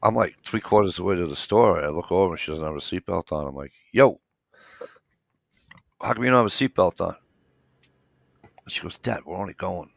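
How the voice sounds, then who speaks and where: Brief: fifties man, low gravelly voice, loose rambling storyteller, swears a lot. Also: lively intonation, fairly quick, pauses often, dry recording, studio quality. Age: 50s. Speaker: podcast co-host. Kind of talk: casual chat.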